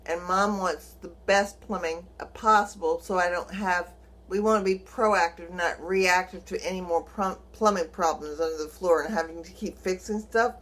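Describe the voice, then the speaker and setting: Animated woman telling a personal story. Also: on the low side, moderate pace. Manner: animated, acts out quoted dialogue, chuckles while telling. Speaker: vlogger.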